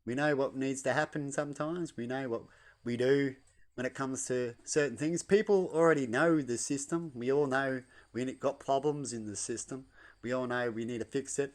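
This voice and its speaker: A man's voice: medium pitch, moderate pace. A man talking loosely at home, repeating himself and tagging lines with "right?". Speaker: vlogger. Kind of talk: rambling casual monologue. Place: at home indoors.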